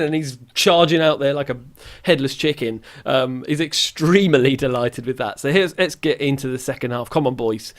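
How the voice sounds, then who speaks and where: A man giving casual, rambling let's-play commentary, reacting aloud and poking fun at himself. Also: on the high side. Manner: chatty and rambling, self-mocking, reacts aloud to the match. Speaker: gaming YouTuber.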